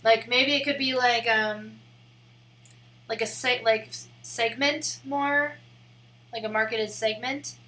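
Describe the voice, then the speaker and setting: A woman's voice: fairly high pitch, fairly even intonation, takes it slowly, long pauses, sharp tone. A young woman streaming live, rambling in a casual, giggly way with lots of "like" fillers. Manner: rambling and giggly, heavy use of "like".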